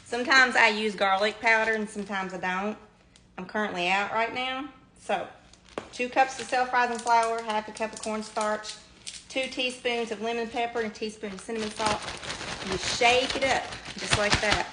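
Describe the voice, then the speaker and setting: A woman's voice: fairly high pitch, steady tone, moderate pace, bright, forceful tone, slight background noise. A middle-aged woman with a Southern US accent, chatting casually as she shows a home cooking demo in her kitchen. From American South. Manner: chatty, down-to-earth, addresses viewers as y'all. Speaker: home cook. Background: oil frying and sizzling.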